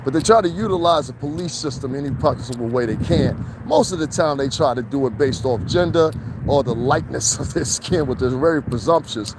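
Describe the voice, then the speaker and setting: A man vlogging outdoors on his phone by a fence, talking casually and profanely, getting animated as he rants. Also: fairly quick. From New Jersey, US. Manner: animated, profane, rising to heated pitch when worked up. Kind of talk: casual outdoor commentary vlog. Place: outdoors by a fence, near traffic. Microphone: handheld phone camera. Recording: outdoor phone recording with traffic noise.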